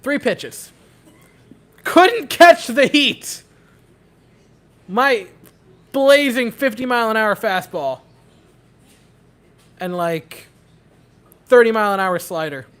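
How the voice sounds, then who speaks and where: A young man chatting casually at a home watch party, giving a nervous, excitable running commentary on a baseball game. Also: high voice, slow, pauses often. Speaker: host. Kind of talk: casual chat.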